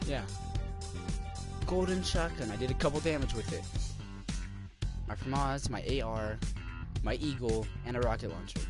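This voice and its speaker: A man's voice: medium pitch, moderate pace, long pauses. A young man commenting casually on his own gameplay, often swearing and exclaiming in frustration. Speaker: gamer streaming gameplay. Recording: game music loud behind voice.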